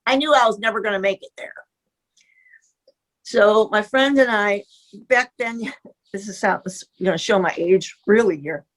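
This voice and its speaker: A woman's voice: medium pitch, normal speed, pauses often. A woman in her seventies from the US Midwest, reminiscing in casual conversation as a guest and gushing, often breaking off mid-sentence. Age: 70s.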